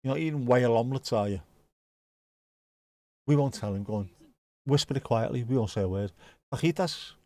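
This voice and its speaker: A man's voice: medium pitch, brisk, pauses often, warm tone, no echo. A man hosting a live match watchalong, chatting casually and rambling between dad jokes. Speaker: watchalong host.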